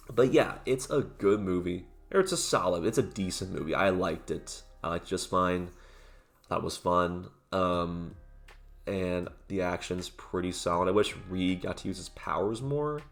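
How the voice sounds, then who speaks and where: A man giving a casual, rambling movie review, full of "like" and "uh" fillers and the odd swear word. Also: deep voice.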